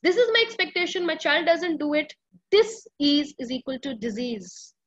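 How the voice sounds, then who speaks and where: Lady giving a parenting talk online, high voice, kinda muffled call audio, lots of "please" and "you know". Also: big pitch swings, normal speed, fairly bright tone, no room sound. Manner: earnest, pleading, repeats please, many fillers. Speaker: school workshop speaker for parents. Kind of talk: parenting workshop talk over a video call.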